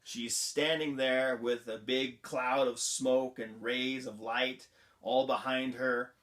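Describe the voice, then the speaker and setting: Slow-talking, giggly man. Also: mid-range voice, fairly even intonation, fairly bright tone. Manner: amused, giggly, incredulous. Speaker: vlog host. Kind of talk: casual movie review monologue.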